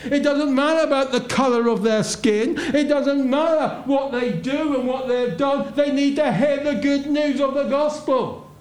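A man preaching a sermon, emphatic and full of rhetorical questions, his voice swinging between loud and hushed. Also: very high voice. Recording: roomy echo.

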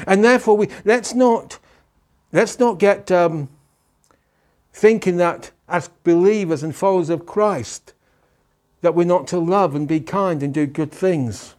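A male pastor preaching a sermon, asking rhetorical questions and pausing for emphasis. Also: high voice, darkish tone.

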